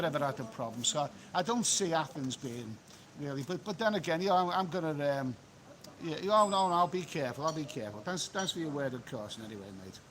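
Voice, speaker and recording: A man's voice: fairly high pitch, fairly bright tone, poor audio. A man doing a rambling live-stream chat, reading out and answering viewer comments by phone from an outdoor beach cafe. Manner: chatty, rambling, repeats himself. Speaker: travel vlogger.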